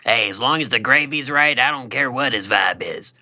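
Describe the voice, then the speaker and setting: A man co-hosting a podcast, pitching absurd ideas in a deadpan, matter-of-fact way. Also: moderate pace, dry recording. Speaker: podcast co-host. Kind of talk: casual comedic chat.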